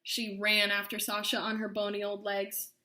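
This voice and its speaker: A woman reading a children's story aloud, expressive and slowing for suspense. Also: mid-range voice, roomy sound. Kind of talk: read-aloud story narration.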